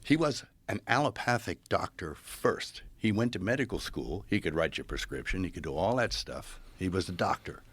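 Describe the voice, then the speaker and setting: Deep-voiced man, gravelly, husky, lively storyteller, casual chat. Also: moderate pace, hardly any pauses, no echo. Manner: animated storyteller who acts out voices.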